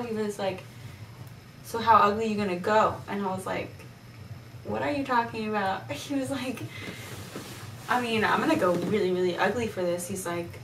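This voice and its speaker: A woman's voice: mid-range voice, roomy sound, far from the mic, a little hiss or hum, rough recording. A teenage girl vlogging in casual chat, giggly and rambling with lots of "like" fillers.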